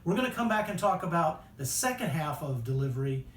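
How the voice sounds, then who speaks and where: A man with a fairly high voice teaches public speaking, explaining things loosely and conversationally, with frequent fillers and restarts. The sound is echoey and a little distant, as if the mic sits away from him, with faint noise underneath. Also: sing-song, brisk. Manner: conversational, with many "you know" fillers and restarts. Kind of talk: extemporaneous lecture.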